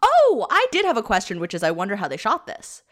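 A woman's voice: medium pitch, wildly swooping pitch, brisk. A woman co-hosting a podcast, chatting wryly about a film and giggling often. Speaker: podcast co-host. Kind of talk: casual film review chat.

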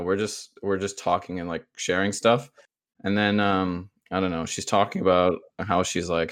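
A man's voice: sits low, a bit bright. A young man co-hosting a podcast, telling a dream story in casual chat, laughing often and using many fillers. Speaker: podcast co-host.

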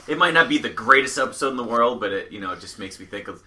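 A man in casual chat, rambling and restarting, then animated when telling stories. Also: mid-range voice, fast talker.

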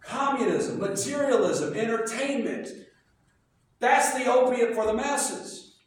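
A man preaching a sermon as pastor, animated and telling stories with voiced asides. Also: extremely high pitch, takes it slowly. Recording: echoey hall from far off.

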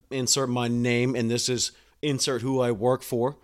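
A man working in home health care telling a work story in a blunt, animated way and acting out the dialogue. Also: mid-range voice, a little slow. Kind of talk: casual storytelling monologue.

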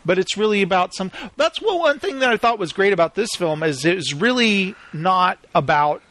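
Male podcast host, higher register, rambling and chatty, dry studio sound. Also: lively intonation, a bit bright, no room sound. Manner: rambling, heavy use of "like" fillers, quick to laugh. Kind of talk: casual movie chat.

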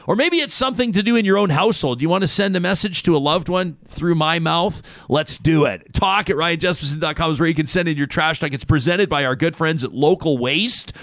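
A man in his thirties hosts a casual talk show. He talks in an animated, joking way, with a voice that sits a little high for a man. The studio sound is close and dry. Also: no room sound. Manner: animated, joking, reading lists aloud.

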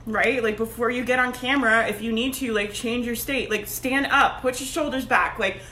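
Bright, chatty woman coach talking to camera. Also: on the high side, normal speed. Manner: chatty and energetic, laughs often, says like and right a lot. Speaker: business coach hosting a Facebook group live video. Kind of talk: casual motivational live-stream talk.

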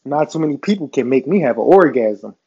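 A man's voice: mid-range voice, lively intonation, fairly quick, lo-fi sound, noisy background, pitched below the performer's own voice, close to an everyday voice. A man quoting a bold, seductive adult woman in his story, in a coaxing, suggestive tone.

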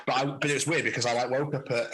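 A man's voice: mid-range voice, steady tone, very fast, fairly bright tone, rough recording. A young British man co-hosting a podcast, chatting loosely, laughing often and swearing freely. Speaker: podcast co-host. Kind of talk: casual chat.

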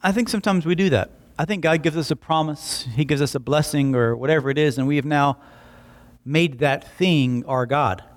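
A man preaching a Bible-teaching sermon in an animated way, acting out quick voices for emphasis. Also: a little high.

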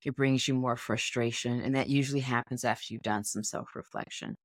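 A woman's voice: very deep voice, steady tone, fairly quick, dry recording, studio quality. A woman co-hosting a podcast in an earnest, encouraging coaching tone. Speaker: podcast co-host. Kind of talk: motivational casual chat.

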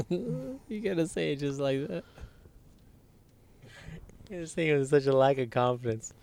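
A man's voice: on the high side, animated, slow, creaky, long pauses, a little mellow. A man co-hosting a casual, crude podcast, laid-back and laughing often as he swears through the banter. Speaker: podcast co-host.

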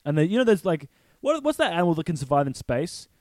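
A man's voice: a little high, very animated, quick pace, a little mellow, no echo, clean studio sound. A man co-hosting a podcast in casual chat, rambling through movie scenes and swearing as he goes. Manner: rambling, recounts scenes with voiced quotes, swears. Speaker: podcast co-host.

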